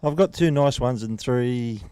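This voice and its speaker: A man's voice: medium pitch, unhurried, dark tone, clean tone, no echo. A man, a tournament angler, answering in a laconic, understated way.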